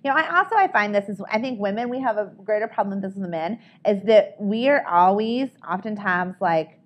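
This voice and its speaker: A woman's voice: mid-range voice, animated, fairly quick. A woman giving an upbeat training talk to a group, coaching them and often checking in with "right?". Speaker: sales trainer.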